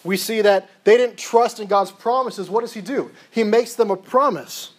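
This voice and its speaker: A man's voice: high voice, moderate pace, rough recording. A man preaching an expository sermon, reading verses aloud and then explaining them, often asking a rhetorical question and answering it himself. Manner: reads verses aloud between plain explanation.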